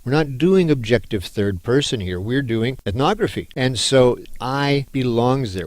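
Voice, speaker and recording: A man's voice: mid-range voice, animated, unhurried, few pauses, darkish tone, no echo. A middle-aged male anthropology professor giving a conversational, emphatic lecture on writing, with fillers and restarts.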